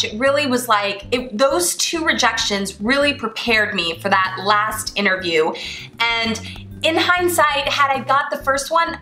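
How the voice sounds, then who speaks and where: A young woman with a bright, forceful voice and a slightly raised pitch recounts her own story to camera. She acts out the people in it as she goes. The room adds an echo, and faint music plays underneath. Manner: animated, acts out quoted dialogue. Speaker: flight attendant vlogger.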